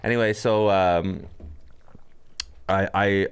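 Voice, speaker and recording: A man's voice: sits low, fairly even intonation, slow, smooth. A man, a comedian guest, telling a story in casual podcast chat, rambling and chuckling with lots of restarts. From Canada.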